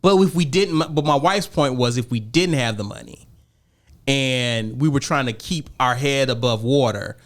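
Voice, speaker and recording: A middle-aged married man co-hosting a podcast speaks in a mid-range voice at a moderate pace. He argues emphatically in a casual debate, acting out quoted conversations.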